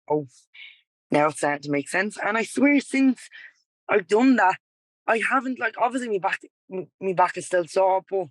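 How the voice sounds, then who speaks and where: A woman's voice: lowish voice, no room sound, rough recording. A woman in her twenties with a Dublin accent, a podcast guest telling a personal story in a rambling, candid way. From Ireland. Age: 20s. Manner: rambling, animated, repeats "like" and "he was like". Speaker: podcast guest, yoga and dance teacher.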